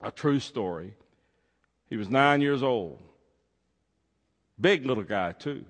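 A man telling a heartfelt true story, expressive, swinging between loud and hushed. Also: mid-range voice, takes it slowly. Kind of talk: emotional storytelling. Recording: long hall reverb.

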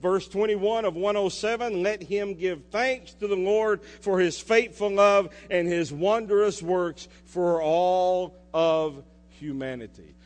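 A pastor preaching a sermon, swinging between loud declarations and hushed asides and putting questions to the congregation. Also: male voice, high voice, slow, few pauses. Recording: reverberant hall with mains hum.

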